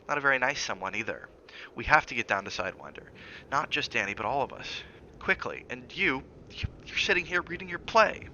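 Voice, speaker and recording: A man voicing a worried young wife, urgent and pleading, now and then dropping to a hush. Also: mid-range voice, very animated, a little fast, highs cut off, a little hiss or hum, voice pushed up. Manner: urgent, rising when pleading, hushed when soft.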